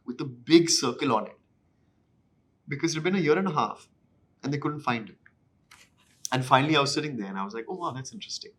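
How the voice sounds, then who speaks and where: A man, an actor telling anecdotes in an interview in an animated, self-deprecating way. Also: fairly high pitch. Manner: animated, acts out dialogue in other voices; self-deprecating, mixes in Hindi phrases. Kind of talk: anecdotal storytelling.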